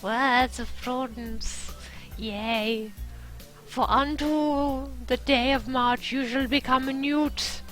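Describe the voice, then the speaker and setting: A woman reading as a solemn 1700s male moralist, declaiming a warning slowly and gravely. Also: high-pitched, steady tone, fairly bright tone, soft background music. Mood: mock solemn.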